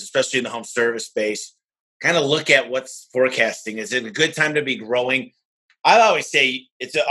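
A man hosting a podcast, giving an energetic, somewhat rambling introduction of his guest. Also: medium pitch, poor audio. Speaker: podcast host. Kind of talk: casual podcast interview.

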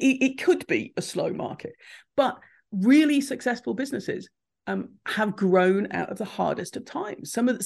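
Business coach lady chatting on a podcast, bit of vocal fry, laughs a lot. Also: mid-range voice. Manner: lively, laughs often, acts out clients' lines. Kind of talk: casual interview chat.

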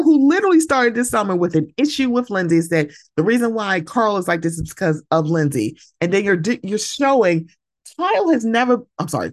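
Woman solo podcaster ranting, pitch jumps all over, swears a lot, dry close mic. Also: no room sound. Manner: animated and emphatic, swears freely, acts out quoted voices. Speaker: podcast host. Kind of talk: solo casual chat about reality TV.

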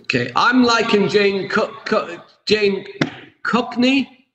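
A man hosting an interview, asking brisk questions with a teasing edge. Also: sits high, animated, echoey room, long reverb tail, background noise. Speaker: podcast host. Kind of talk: casual interview.

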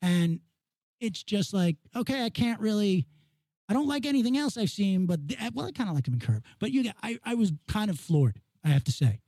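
Emphatic high-voiced man chatting. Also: big pitch swings, a little fast, warm tone, husky, dry recording. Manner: emphatic, enthusiastic, repeats himself. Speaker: podcast co-host. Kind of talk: casual chat.

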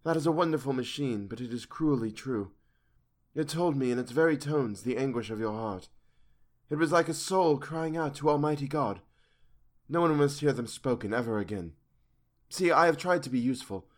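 Man voicing a young woman, gentle, resolute, pleading, formal phrasing, storybook reading. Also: medium pitch, lively intonation, normal speed, natural voice. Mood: earnest.

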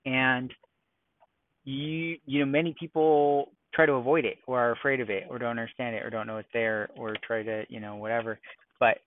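A man's voice: mid-range voice, steady tone, normal speed. A man hosting a podcast, telling a rambling personal story with many fillers while driving in a car. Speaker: podcast host. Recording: tinny phone-like audio.

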